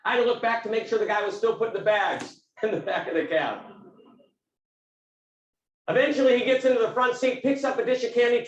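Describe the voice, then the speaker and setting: A man giving a business talk as a keynote speaker, telling a story in a vivid, animated way. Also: high voice, echoey room, far from the mic, highs cut off.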